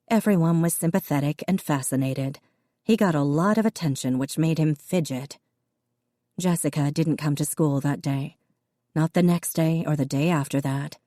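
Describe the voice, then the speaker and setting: A woman narrating an audiobook in a steady storytelling voice, switching into voices for the characters. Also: deep voice, moderate pace, dry recording, clean studio sound.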